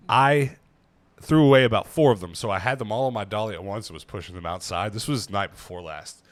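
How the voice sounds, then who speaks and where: A man's voice: on the low side, a little fast. A man in his thirties hosting a casual chat, rambling and self-mocking as he tells stories. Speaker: channel host.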